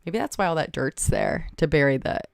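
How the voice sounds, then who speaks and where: A woman's voice: low voice, animated, brisk, creaky, clear, resonant tone, dry recording, studio quality. A woman hosting a casual livestream, chatting, thinking aloud and thanking viewers by name. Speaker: livestream host. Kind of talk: casual livestream chat reading viewer comments.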